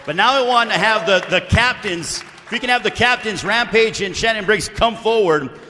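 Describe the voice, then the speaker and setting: A man's voice: high voice, normal speed, bright, forceful tone, a faint crowd. A man hosting a press conference, moderating and trying to keep order in an announcer-like way. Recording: reverberant hall.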